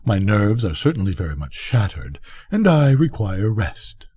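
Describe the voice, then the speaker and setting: A man's voice: fairly low pitch, big pitch swings, normal speed, warm tone, husky. An older man voicing a conceited, pompous male firework rocket. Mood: haughty. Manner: pompous, haughty.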